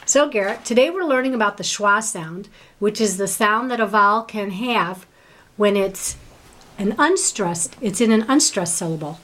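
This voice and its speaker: A woman's voice: medium pitch, animated, normal speed, fairly bright tone. A woman teacher giving a one-on-one reading lesson, patient and full of prompting questions.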